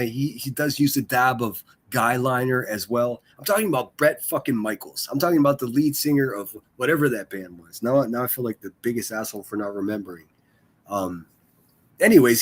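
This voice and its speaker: A man chatting casually on a live stream, rambling and swearing, full of fillers and restarts. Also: mid-range voice. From Pittsburgh area.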